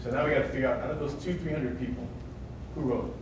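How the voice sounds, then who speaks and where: A man's voice: medium pitch, steady tone, very fast, slight background noise. Emphatic man lecturing in an echoey hall. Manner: emphatic, keeps checking in with "right?". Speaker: workshop speaker on workplace security. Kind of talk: live lecture with audience questions. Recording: echoey hall, mic far off.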